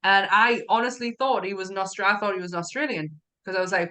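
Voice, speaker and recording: A woman's voice: medium pitch, quick pace, sharp tone. A woman co-hosting a casual podcast chat, candid and sweary, laughing often. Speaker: podcast co-host.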